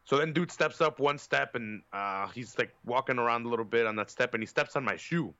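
A man's voice: medium pitch, a little fast, bright, forceful tone, no echo, lo-fi sound. A man on a podcast telling a long, profane, rambling story in casual chat, with lots of fillers. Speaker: podcast co-host.

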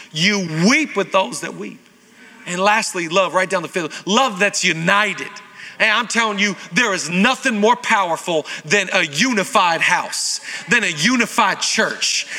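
A man preaching a sermon as pastor, moving from relaxed storytelling into fervent, shouted calls to the congregation. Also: high voice. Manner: conversational preaching that builds to shouted exhortation. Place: church auditorium. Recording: long reverb of a large hall.

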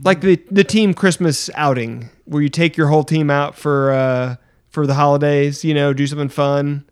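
A man co-hosting a podcast, joking dryly in casual banter and often halting with fillers. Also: a little high, steady tone, clean tone. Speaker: podcast co-host.

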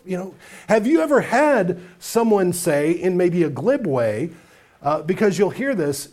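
A man's voice: high voice, sing-song, normal speed, darkish tone. A male pastor delivers an emphatic sermon in a slightly raised register, building his points through long lists. He keeps turning to the congregation with direct questions, in an earnest, searching tone. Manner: speaks straight to the congregation with questions.

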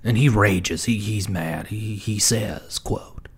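A man's voice: lowish voice, takes it slowly, gravelly, husky. A man giving comedic commentary on a children's book, often stammering and repeating words and dropping into whispered asides. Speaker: book reviewer.

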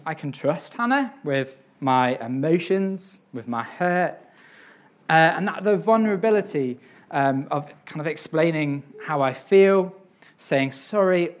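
A young man giving a sermon on a psalm, reading scripture earnestly and then talking it through with many pauses, fillers and repeated words. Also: a little high, animated. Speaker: preacher.

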